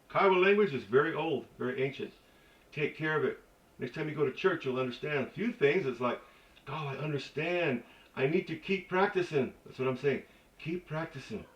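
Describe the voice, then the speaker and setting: A man giving an informal language lesson in a folksy, chatty way, repeating sounds over and over to show how they are said. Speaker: language teacher. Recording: roomy, distant, dull low-fi sound.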